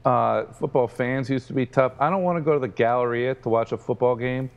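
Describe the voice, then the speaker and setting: A man's voice: mid-range voice, a little fast, gravelly, clear, resonant tone, lo-fi sound. A man co-hosting a casual sports podcast, grumbling and sarcastic. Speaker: podcast co-host.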